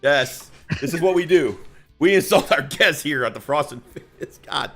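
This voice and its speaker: A man hosting a casual livestream, bantering loudly and laughing as he teases his guests. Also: a little high, normal speed, faint music behind. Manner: loud, laughing, teasing. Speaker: host.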